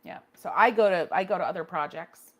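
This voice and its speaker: A woman's voice: on the low side, brisk. A woman hosting a casual painting livestream, chatting with viewers and reacting to their comments, often restarting her sentences.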